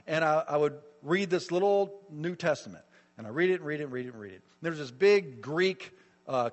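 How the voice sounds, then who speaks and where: A middle-aged man preaching a sermon as a pastor, telling stories emphatically with lots of repetition, in a reverberant hall. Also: a little high.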